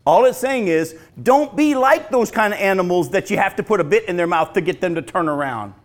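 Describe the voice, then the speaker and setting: A male pastor preaching a sermon, swinging from loud emphatic lines to hushed, slow, drawn-out phrases. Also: high-pitched, lively intonation.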